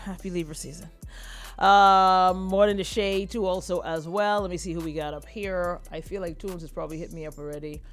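A woman's voice: fairly low pitch, fairly even intonation, a little fast, soft background music. A woman co-hosting a casual live morning show, chatty and gushing, often laughing. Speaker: co-host.

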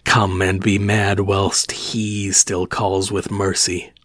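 Crazed young sailor pleading hard, guy doing the voice, husky, low and flat. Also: takes it slowly, no echo, studio quality, full character voice. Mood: urgent pleading. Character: frenzied young male ship's officer gone mad.

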